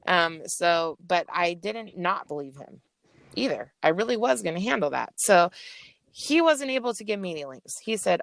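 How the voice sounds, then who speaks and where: A woman's voice: lowish voice, moderate pace, creaky, no echo. A woman rapper guesting on a podcast, telling a story in a blunt, casual way with lots of swearing. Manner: blunt, heavy swearing, animated retelling.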